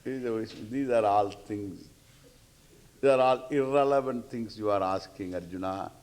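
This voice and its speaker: A man's voice: lowish voice, unhurried, a little mellow. An older man, giving a scripture lecture with jokes and chanted verses. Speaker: spiritual teacher.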